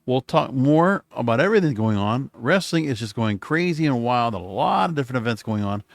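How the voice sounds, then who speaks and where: A man's voice: medium pitch, lively intonation, fairly quick, no room sound, clean studio sound. A man hosting a solo podcast, recapping in a casual, rambling way with frequent self-corrections, recording late at night. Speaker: podcast host.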